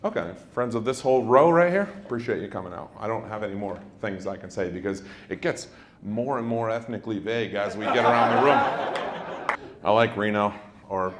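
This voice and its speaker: A male stand-up comedian doing loud, teasing crowd work on a club stage. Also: lowish voice, brisk, background noise. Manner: loud, brash, teasing the audience. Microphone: handheld stage mic. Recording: live club with crowd laughter. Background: audience laughter.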